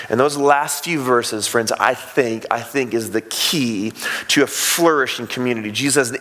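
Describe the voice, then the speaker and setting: A man preaching a sermon as a pastor, telling the story in an animated way and acting out the voices of the people in it. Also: medium pitch, normal speed. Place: church sanctuary. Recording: long hall reverb in church.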